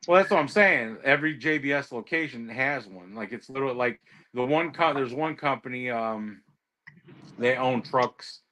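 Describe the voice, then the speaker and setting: A truck-driving man with a mid-range, slightly bright voice chats casually and tells stories. He swears heavily and rants as he goes.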